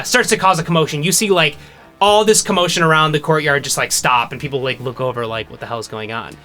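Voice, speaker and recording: A man's voice: on the high side, sharp tone. A man narrating a tabletop game as game master, rambling with lots of fillers. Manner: rambling, many fillers and hedges.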